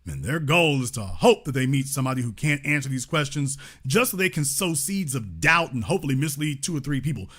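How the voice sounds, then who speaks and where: A man's voice: mid-range voice, expressive, fairly quick, hardly any pauses, a bit bright, slightly rough. A man from Louisiana hosting a call-in show, confrontational and insulting, pressing the same question again and again. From Shreveport, Louisiana. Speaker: show host.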